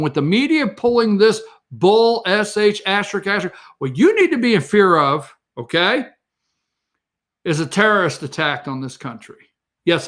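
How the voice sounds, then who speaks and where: A man hosts a morning show and delivers heated political opinions in a rambling way, talking straight to his viewers. His voice sits high and jumps all over the place. It has a restless, worked-up energy. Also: a bit bright.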